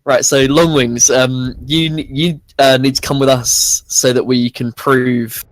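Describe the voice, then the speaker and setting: Mid-pitched male player, casual and hesitant, dry close sound. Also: fairly even intonation, a little slow, no echo. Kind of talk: tabletop role-play.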